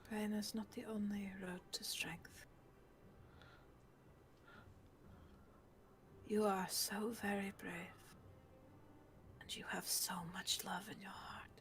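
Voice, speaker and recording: Woman doing a soft whispery kind heroine, gentle and slow, whispered role-play. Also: medium pitch, flat delivery, slight background noise. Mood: tender. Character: gentle, tender woman comforting a frightened girl. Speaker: player.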